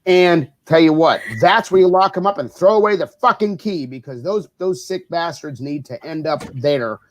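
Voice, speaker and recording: A man's voice: on the high side, normal speed. A man co-hosting a casual political talk show, blunt and emphatic, with frequent swearing. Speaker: co-host.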